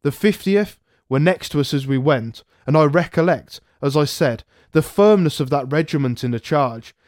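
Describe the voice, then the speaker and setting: A man narrating a historical memoir aloud, in a measured first-person storytelling manner. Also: a little high, lively intonation, darkish tone, no room sound, clean studio sound. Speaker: podcast narrator.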